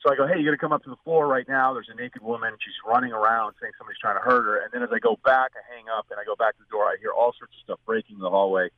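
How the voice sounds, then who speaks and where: A man's voice: mid-range voice, rapid-fire, hardly any pauses, no room sound. A man, a guest on the show, telling a long rambling anecdote in a casual way and acting out what people said. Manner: rambling anecdote with acted quotes. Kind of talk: casual storytelling. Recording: tinny phone-line sound.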